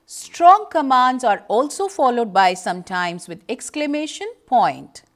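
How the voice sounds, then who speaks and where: A woman with an Indian English accent delivers an educational lecture at an unhurried pace. Her voice sits a little high and moves a lot in pitch. She explains step by step and reads out example sentences as she goes. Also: very animated. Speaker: teacher.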